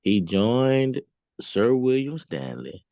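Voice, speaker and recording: A man reading a history text aloud in class, halting and careful over the words. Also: mid-range voice, big pitch swings, creaky, warm tone, no room sound. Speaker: student.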